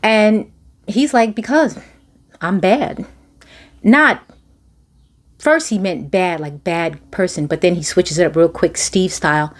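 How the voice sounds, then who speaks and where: A woman's voice: lowish voice, measured pace. A woman hosting a podcast, ranting through a casual episode recap in a sarcastic, incredulous way. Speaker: podcast host. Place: home near a train line.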